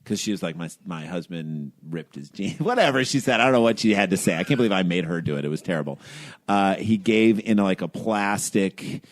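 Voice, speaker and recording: A man with a fairly low voice tells a comic story on a podcast. He acts out other people's lines and breaks into shouted, laughing outrage. The sound is dry and close, with no room echo. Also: animated, quick pace. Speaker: comedian guest telling a story.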